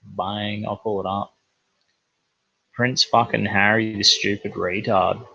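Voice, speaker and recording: A man's voice: on the low side, flat delivery, slow pace, vocal fry, pushed and bright, breathy edge, no room sound, muffled recording. A man with an Australian accent hosting a crude comedic news livestream, rambling and swearing in blokey slang.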